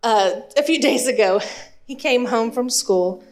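A woman from East Texas, in her thirties, with an East Texas accent, tells a story to a live audience, slow and unhurried. Her voice sits fairly high. Her manner is humorous and self-deprecating. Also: darkish tone. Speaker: speaker and Spanish teacher.

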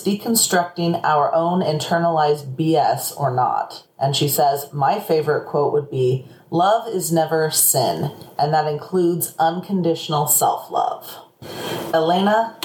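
A woman hosting a podcast, reading guests' quotes with a quick, playful, teasing manner. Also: sits low, darkish tone. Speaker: podcast host. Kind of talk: casual recap monologue. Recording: echoey room with faint noise.

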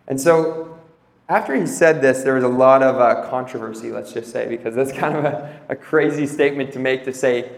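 A young man giving an informal religious talk to a group, earnest and reading scripture slowly and reflectively. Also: medium pitch, gravelly. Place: room with an audience. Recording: echoey room.

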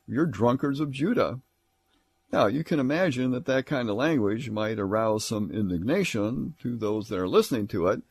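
A man's voice: mid-range voice, a little mellow, husky, dry recording. An older man giving an academic Bible lecture. He reads passages aloud and explains them, sometimes mimicking a sarcastic tone in quoted lines. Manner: reads scripture aloud, then explains it plainly.

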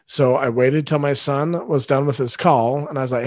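A man's voice: mid-range voice, normal speed, hardly any pauses, no room sound. A man hosting a parenting podcast alone, talking earnestly and directly to his listeners. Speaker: father. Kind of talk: solo podcast monologue.

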